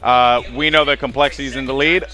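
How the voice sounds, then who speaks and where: Man, esports caster, casual jokey play-by-play, mid pitch, gunfire and faint music behind. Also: steady tone, brisk, sharp tone. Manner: chatty, jokey, quotes players in put-on voices. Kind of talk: play-by-play commentary. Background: game gunfire and faint music.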